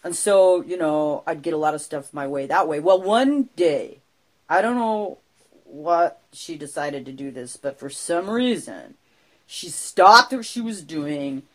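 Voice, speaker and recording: A woman co-hosting a podcast, telling a story casually in an animated, self-deprecating way with lots of fillers. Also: sits low. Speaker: podcast co-host, storyteller in character.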